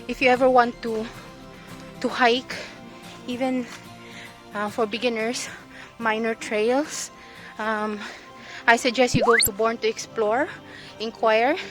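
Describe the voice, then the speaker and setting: A woman's voice: fairly high pitch, level tone, slow, pauses often, faint music behind. A Filipino woman vlogging out of breath on a mountain trail, chatting casually in a mix of English and Tagalog. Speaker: vlogger on a hike. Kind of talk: casual vlog narration.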